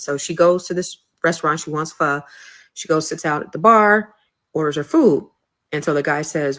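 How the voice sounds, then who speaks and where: A woman's voice: low voice, brisk. A middle-aged woman in a casual vlog rant, heated and emphatic, swearing freely. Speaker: social media commentator. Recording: roomy echo.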